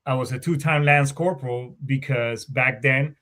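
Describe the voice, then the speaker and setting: A middle-aged man, formerly a Marine Corps warrant officer, is the guest in a casual storytelling interview. Speaking at a normal speed in a medium pitch with a fairly bright tone, he swears often, wanders off track, and revises his sentences midway.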